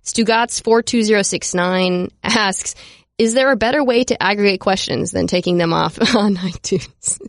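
Gravelly joking podcast host man. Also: high voice, no echo, clean studio sound. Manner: joking, laughs often, quick asides. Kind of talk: casual sports podcast chat.

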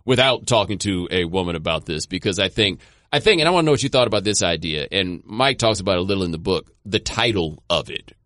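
A man hosting a podcast, leading a relaxed and thoughtful conversation about a book. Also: low voice, fast talker, no room sound. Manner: relaxed, thoughtful, loose phrasing with restarts. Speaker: podcast host. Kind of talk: conversational interview.

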